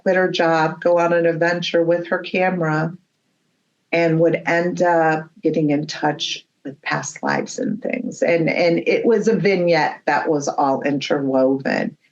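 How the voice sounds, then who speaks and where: A woman's voice: on the low side, measured pace, dull audio. A woman, a guest medium, telling rambling, chatty stories in a podcast conversation with frequent laughs.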